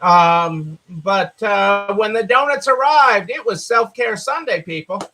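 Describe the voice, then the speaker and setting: A man's voice: high voice, animated, takes it slowly, sharp tone, a little hiss or hum, low-quality recording. A man with a Southern American accent hosting a live stream, talking casually, repeating phrases, with many fillers. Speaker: host.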